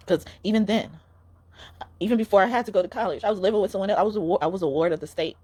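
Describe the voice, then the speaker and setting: A woman's voice: medium pitch, rapid-fire, dark tone, husky. A young woman giving a casual spiritual card reading, talking in an earnest, emotional, pleading way.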